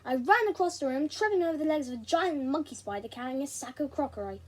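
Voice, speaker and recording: A woman reading a children's novel aloud in an expressive, animated way. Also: high voice, fast talker. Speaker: reader.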